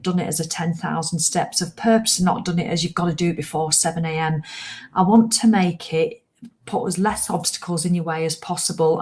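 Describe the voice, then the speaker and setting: A woman's voice: fairly low pitch, a little mellow. A woman hosting a casual live walking-challenge chat, encouraging viewers in a chatty way and acting out their grumbles. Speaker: host of a walking challenge livestream.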